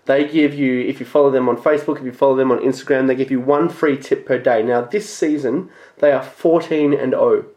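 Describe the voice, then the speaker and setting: Excitable podcasting man in an echoey room. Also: mid-range voice. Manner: blunt, excitable, swears casually. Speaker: podcast host. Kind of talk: casual sports betting podcast monologue.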